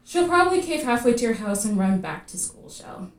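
A woman reading aloud as a sharp-tongued teenage girl from Jamaica, taunting with a Jamaican accent, in an echoey room. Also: on the high side, sing-song, fairly quick, distant mic, pitched above the performer's own voice. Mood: mocking. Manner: taunting, scornful. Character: newly arrived teen girl, sharp-tongued and mocking.

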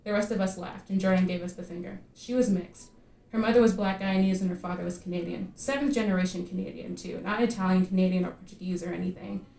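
A woman reading her own fiction aloud at a live literary reading, measured and vivid in her storytelling. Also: lowish voice, steady tone, creaky, warm tone, recorded from a distance. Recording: echoey room at a live reading.

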